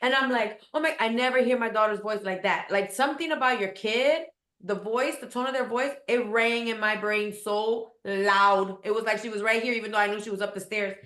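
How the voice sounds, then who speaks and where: A woman's voice: medium pitch, fairly even intonation, brisk, fairly bright tone. Earnest woman telling her story, echoey room. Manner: earnest, emphatic storytelling with repetition. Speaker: guest. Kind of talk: personal story in a podcast interview.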